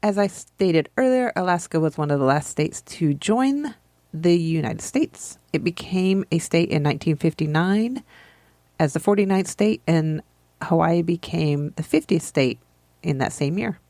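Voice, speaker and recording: A woman's voice: fairly low pitch, expressive, a little slow, warm tone, no echo. A woman co-hosting a podcast, rambling through fun facts in a chatty, giggly way. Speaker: podcast co-host. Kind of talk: casual chat.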